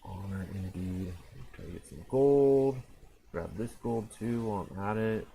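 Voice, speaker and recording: A man's voice: on the low side, lively intonation, normal speed, gravelly, mellow, slight background noise, poor audio. A man casually commentating his own game, rambling and self-mocking, with frequent fillers and restarts. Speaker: gameplay commentator.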